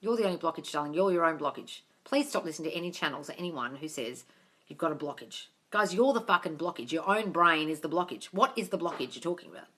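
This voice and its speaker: Woman, manifesting coach, casual live Q&A, blunt, swears, says darling a lot, bright forceful voice, phone mic. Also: low-pitched, animated, fast talker. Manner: blunt, swears freely, calls listeners darling.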